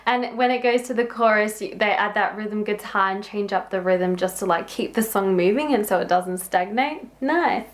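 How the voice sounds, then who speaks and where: A woman's voice: medium pitch, moderate pace, few pauses. A young woman chatting casually as she reacts to a song, full of "like" and "um", giggling often. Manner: chatty, lots of "like" and "um" fillers, giggly. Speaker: music reaction vlogger. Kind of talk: casual music reaction commentary. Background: song playing faintly underneath.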